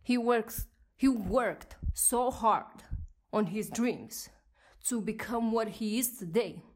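A woman's voice: on the high side, takes it slowly. A woman in her twenties with a non-native accent, hosting a solo podcast and ranting in an indignant tone. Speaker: podcast host.

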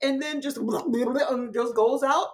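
A woman co-hosting a casual podcast chat, lively and laughing as she talks. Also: sits high, slow pace. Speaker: podcast co-host. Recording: voice distant from mic.

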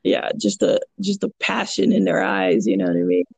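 A kids' jiu-jitsu coach with a purple belt tells stories in casual podcast chat, rambling with plenty of fillers and restarts. Her lowish, husky voice carries vocal fry and is very animated at a moderate pace, with no room sound.

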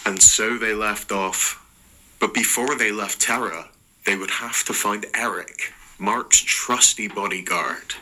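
A man's voice: fairly low pitch, steady tone, unhurried, pushed and bright, rough recording. A man with an Irish accent narrating a comic story in an amused way. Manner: amused, breaking into laughs. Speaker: listener sending in a story.

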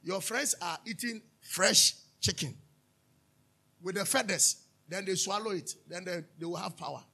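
A Ghanaian man preaching a sermon as pastor, animated, drifting into sung lines and asking his listeners to answer back. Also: high voice, moderate pace, breathy edge. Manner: calls for audience responses, asks and answers himself.

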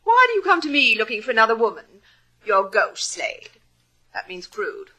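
A woman's voice: a little high, big pitch swings, moderate pace, sharp tone. An actress playing a flirtatious, teasing society woman in a 1950s radio drama, drawling and playful. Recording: old radio broadcast with faint music.

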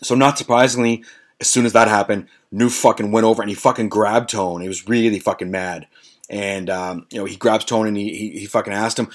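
Low-voiced swearing storyteller man. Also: normal speed. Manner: profane, rambling, lots of fillers and restarts. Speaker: podcast host. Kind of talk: storytelling podcast monologue.

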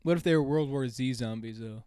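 A man's voice: mid-range voice, a little fast, dark tone, clear, resonant tone, no room sound, studio quality. A man co-hosting a casual podcast chat, easygoing and agreeable. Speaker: podcast co-host.

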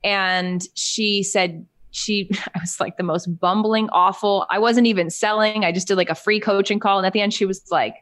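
A woman's voice: medium pitch, moderate pace, few pauses, no echo. A woman guest on a podcast, a business coach telling her story in casual interview talk and acting out the people she quotes. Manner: animated storyteller, acts out quoted voices with big jumps up.

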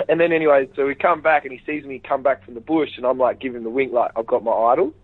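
A man guest in a casual phone interview, retelling events in a rambling, animated way and acting out what others said. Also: medium pitch, fast talker, no room sound. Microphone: phone call. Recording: tinny phone line, dry.

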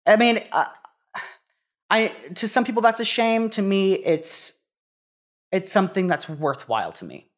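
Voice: mid-range voice, lively intonation, unhurried, long pauses. A young adult talking in a casual conversation, hesitant and full of restarts. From United States. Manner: hesitant, many restarts and fillers.

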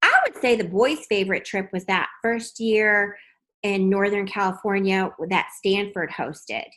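A woman's voice: mid-range voice, a little slow, a bit bright, a little hiss or hum, poor audio. A woman, a parent of young athletes, reminiscing in a casual chat and often repeating words as she starts a sentence. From Texas. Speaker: parent of water polo players.

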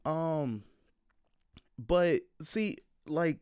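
Twenty-something dude rambling to his viewers, lots of "like" and "you know", kinda high voice, dry sound. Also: lively intonation, drawn-out words, a little mellow, smooth, no echo. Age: 20s. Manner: rambling, filler-heavy, frank. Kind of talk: casual monologue to viewers.

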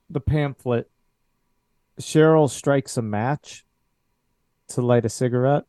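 Male game master, slow measured narration, dry close sound. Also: mid-range voice, mellow, clear, resonant tone, dry recording. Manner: slow, deliberate scene narration. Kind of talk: narrating a tabletop horror game.

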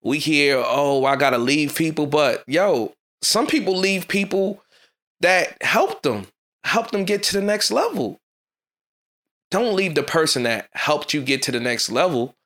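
A man hosting his own podcast, giving a fast, fired-up motivational talk in a casual street style. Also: fairly high pitch, very animated, fairly bright tone. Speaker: podcast host.

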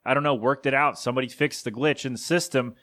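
A man's voice: medium pitch, steady tone, quick pace, fairly bright tone. A man in his thirties hosting a podcast, telling a story in a casual, rambling way that corrects itself as he goes. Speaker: podcast host.

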